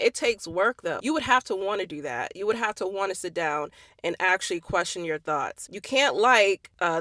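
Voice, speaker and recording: A young woman commentary vlogger delivers a heated, impassioned social commentary monologue, blunt and profane, firing off rhetorical questions. Her voice is on the low side with a fairly bright tone, and there's no room sound.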